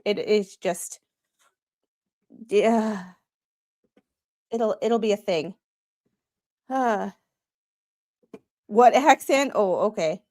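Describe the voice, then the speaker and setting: A woman's voice: mid-range voice, drawn-out words, long pauses, mellow. A woman from Wisconsin with a Wisconsin accent, chatting casually with viewers on a live stream and chuckling as she reacts. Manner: chatty, chuckles often, talks straight to viewers. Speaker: streamer reacting to body cam footage.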